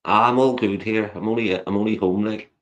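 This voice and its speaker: A man's voice: fairly low pitch, steady tone, normal speed. A man, chatting casually and cracking cheeky, crude jokes. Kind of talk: casual chat.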